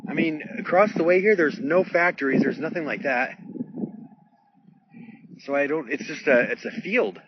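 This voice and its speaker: A man's voice: fairly high pitch, normal speed, long pauses. A man filming in an open field in stormy weather and talking to someone on the phone, uneasy about a strange sound. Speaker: vlogger filming outdoors. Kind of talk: casual live narration to a phone call. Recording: dull phone recording with loud outdoor noise.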